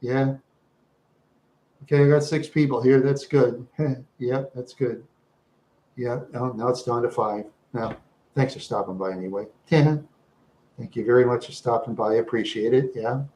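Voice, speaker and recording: A man's voice: medium pitch, steady tone, a little slow, pauses often, mellow. A man hosting a livestream, chatting loosely with his viewers, repeating himself and saying "yeah" a lot. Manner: rambling, repeats "yeah" and laughs often. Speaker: livestream host. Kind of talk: rambling livestream chat with viewers.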